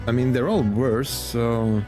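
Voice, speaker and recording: A male streamer chatting with his viewers in a relaxed, rambling way. His voice is dark and mellow, and quiet music plays in the background. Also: mid-range voice, slow. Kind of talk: casual gaming stream chat.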